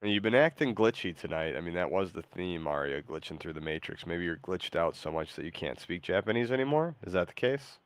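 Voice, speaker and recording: A man hosting a casual stream and talking to an AI, with a halting, filler-heavy delivery. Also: deep voice, animated, no echo, studio quality. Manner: halting, full of fillers and restarts. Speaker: streamer host.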